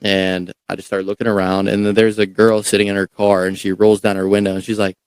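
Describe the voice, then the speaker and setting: Young man, podcast guest, low-pitched, dry close sound, casual profane storytelling. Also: a little fast, clear, resonant tone, no echo. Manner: animated, profane, repeats words.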